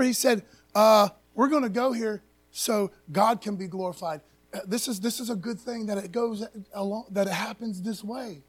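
Guy preacher w a pretty high voice, chatty sermon, keeps saying man, restarts a lot. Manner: emphatic and folksy, often tags sentences with "man"; restarts and searches for words aloud. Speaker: pastor. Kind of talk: casual conversational sermon.

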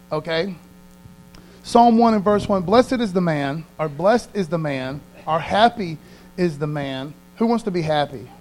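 Man, preacher, high voice, folksy conversational sermon, checks in with the audience, reads verses slowly. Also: low-quality recording. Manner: slows down to read verses aloud. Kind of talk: conversational sermon with scripture reading.

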